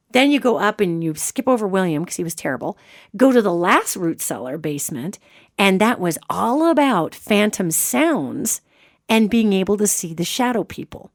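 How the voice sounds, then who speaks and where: A woman's voice: mid-range voice, no room sound, clean studio sound. A woman hosting a podcast, telling a story casually and explaining things matter-of-factly. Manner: animated, explanatory, talks of spirits and energy matter-of-factly. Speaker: podcast host.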